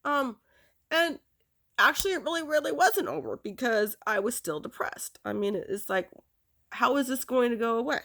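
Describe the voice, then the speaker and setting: A woman telling a personal story in a rambling, halting way, chuckling now and then. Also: on the high side, lively intonation, a bit bright.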